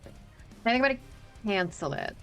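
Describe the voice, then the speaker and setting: A woman's voice: mid-range voice, animated, normal speed, fairly bright tone, soft background music. A woman playing a character in a live tabletop role-playing game, thinking aloud and taking her time. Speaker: player.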